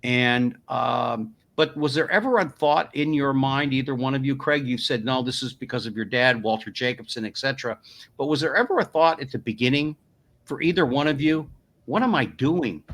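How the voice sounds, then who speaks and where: A man's voice: medium pitch, normal speed, fairly bright tone. A man hosting a podcast, asking his guests long, rambling questions full of fillers. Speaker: podcast host. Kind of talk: casual interview.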